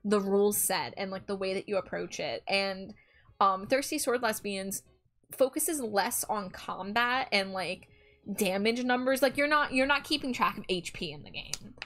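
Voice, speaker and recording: Her voice is medium-pitched and a bit bright, and she keeps a moderate pace. As a live stream host, she chats casually with viewers while drawing, reading their messages aloud in a giggly, bubbly manner.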